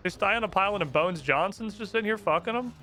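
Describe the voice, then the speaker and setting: A young man streams a fantasy game with game music behind him, his voice sitting high, fast and sharp. His commentary is casual, playful and joking, with plenty of offhand swearing as he plays.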